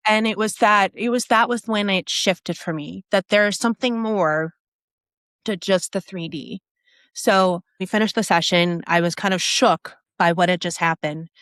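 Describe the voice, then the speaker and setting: A woman's voice: medium pitch, moderate pace, fairly bright tone, no room sound, clean studio sound. A woman telling a personal story as a podcast guest, animating it by acting out other people's lines and her own reactions, in a casual, restart-filled way. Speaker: podcast guest, app founder.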